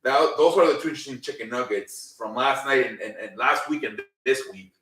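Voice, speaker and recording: A man's voice: medium pitch, fairly quick, fairly bright tone. A man casually recapping a wrestling show, rambling with lots of fillers and swearing freely. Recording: roomy, mic at a distance.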